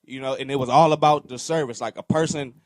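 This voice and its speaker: A man's voice: medium pitch, steady tone, a little mellow, dry recording. Blunt, joking man in a dry room. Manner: blunt, joking, slangy, acts out quick voices. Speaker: podcast co-host. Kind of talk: casual chat.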